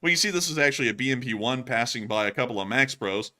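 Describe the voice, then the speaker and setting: A man's voice: mid-range voice, animated, fast, bright, forceful tone. A man hosting a war news show, giving casual commentary with chatty, joking asides.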